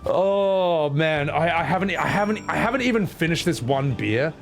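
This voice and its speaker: A man's voice: on the high side, animated, moderate pace, vocal fry, soft background music. A young man streaming a game, rambling and joking at himself in casual commentary. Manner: rambling, jokey, self-mocking.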